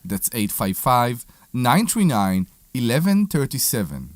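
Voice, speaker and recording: A man's voice: mid-range voice, huge pitch swings, moderate pace, hardly any pauses, no room sound. A man co-hosting a live radio show, joking and teasing playfully and laughing often. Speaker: radio co-host.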